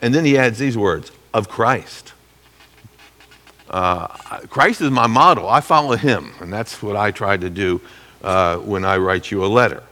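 A middle-aged man teaching from the Bible as a pastor, animated, acting out quotes and clearing his throat now and then. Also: lowish voice, normal speed, big-room sound.

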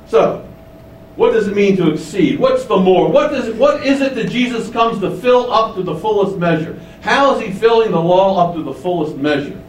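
Speaking at a moderate pace with an expressive voice, this man delivers an emphatic sermon, questioning his audience and going back over key lines. A distant mic picks him up in an echoey room with a faint rumble.

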